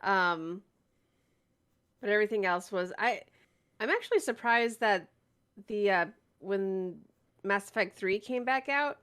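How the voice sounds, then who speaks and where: A woman co-hosting a casual gaming podcast, relaxed and giggly, with frequent hesitant fillers. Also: mid-range voice, measured pace, long pauses, clear, resonant tone. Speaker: podcast co-host. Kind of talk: casual chat.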